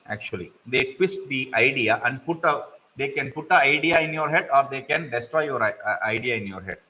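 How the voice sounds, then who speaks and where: A middle-aged man telling and explaining a fable, with lively digressions. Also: medium pitch, rough recording. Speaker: storyteller and teacher.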